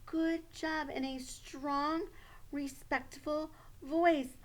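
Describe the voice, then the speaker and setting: Gentle, high-voiced woman teacher. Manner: gentle, encouraging, slow and clear. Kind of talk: puppet lesson for children.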